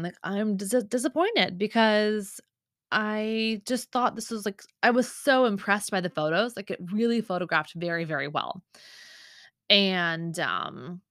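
A woman's voice: mid-range voice, unhurried, fairly bright tone, no room sound, studio quality. A woman in her thirties hosting a podcast, telling a story in a chatty, emotional way with lots of fillers and asides. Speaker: podcast host. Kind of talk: casual storytelling chat.

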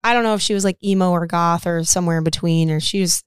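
A woman's voice: fairly low pitch, fast talker, clean tone, dry recording, clean studio sound. A woman co-hosting a podcast, telling a bar story in casual chat, rambling and swearing freely. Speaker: podcast co-host.

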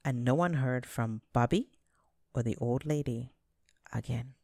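A woman telling folktales aloud, animated and dramatic, stretching words for effect. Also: a bass voice, a little slow, no echo, clean studio sound. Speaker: storyteller. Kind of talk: folktale storytelling.

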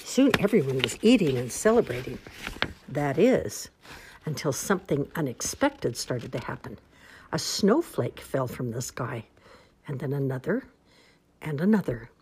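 A woman reads a children's storybook aloud in a low voice. Her pitch rises and falls with lively expression. The telling is slow and careful. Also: breathy edge. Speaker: storybook reader.

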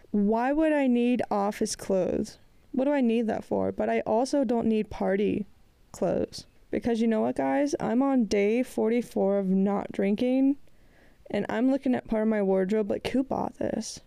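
A woman in her twenties with a head cold and a raspy voice, chatting casually and rambling on her own podcast. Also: mid-range voice, mellow, no room sound. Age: 20s. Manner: rambling, chatty, frequent "like" fillers, laughs often. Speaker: podcast host. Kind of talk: casual solo podcast chat.

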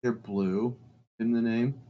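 A man's voice: medium pitch, steady tone, slow pace, muffled recording. A man in casual podcast chat, guessing aloud and swearing when he gets it wrong. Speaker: podcast co-host.

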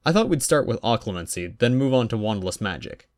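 A man's voice: mid-range voice, very animated, brisk, natural voice. A man voicing a young boy wizard who answers with dry, patient reasoning.

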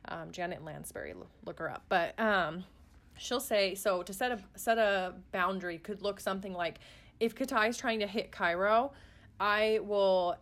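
A woman's voice: mid-range voice, fairly bright tone. A woman who is a parent, talking in a casual, earnest way with many fillers and restarts. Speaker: parent guest on a podcast. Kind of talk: casual chat.

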